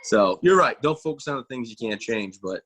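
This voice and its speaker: A man's voice: mid-range voice, expressive, fairly quick, fairly bright tone, slight background noise. A man in his thirties, an army veteran, telling stories in a casual interview, folksy and self-mocking, acting out quoted voices. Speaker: guest, army veteran and motivational speaker.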